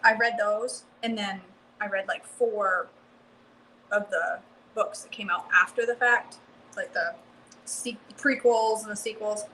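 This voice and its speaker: A woman hosting a live cooking stream from her home kitchen, chatting excitedly and answering viewers by name. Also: medium pitch, measured pace, background noise. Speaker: cooking livestream host. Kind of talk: casual live cooking chat, reading comments.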